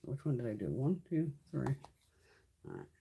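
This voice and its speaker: A woman's voice: a bass voice, sing-song, moderate pace, vocal fry, mellow, a little hiss or hum. A woman in her fifties chatting casually through a live makeup haul, swearing freely and laughing often. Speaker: beauty vlogger. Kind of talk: casual live-stream chat.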